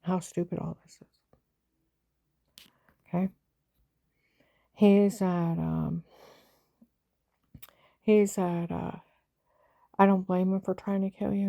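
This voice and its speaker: A woman's voice: on the low side, creaky, mellow, husky, no room sound. A woman giving an agitated, rambling personal account and acting out what other people said. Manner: agitated, rambling retelling that acts out others' lines.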